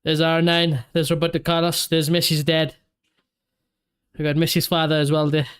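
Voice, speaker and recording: Excitable high-voiced streamer. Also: male voice, moderate pace, smooth. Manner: excitable, reacts to play and reads viewer comments aloud. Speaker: streamer hosting a match watchalong. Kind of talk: live football watchalong reaction.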